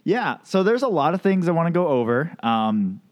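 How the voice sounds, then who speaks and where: A man's voice: on the high side, sing-song, normal speed, muffled recording. A man hosting a casual interview podcast, giving upbeat introductions and asking friendly questions. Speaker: podcast host.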